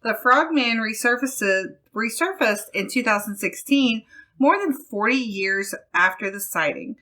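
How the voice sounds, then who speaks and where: A giggly woman co-hosts a casual podcast, reading a news article aloud and laughing often. Her voice is on the high side, animated, pushed and bright, at a measured pace.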